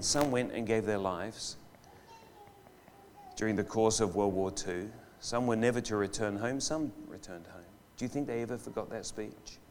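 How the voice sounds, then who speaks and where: A man preaching a live sermon in a church. He slows down and stresses key words for emphasis. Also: lowish voice, a little mellow, slight background noise. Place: church hall.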